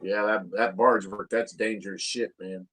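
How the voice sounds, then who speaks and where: A man's voice: lowish voice, fairly even intonation, normal speed, fairly bright tone, slightly rough. A man, co-hosting a casual podcast chat, crude and boastful, often laughing at his own jokes. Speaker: podcast co-host.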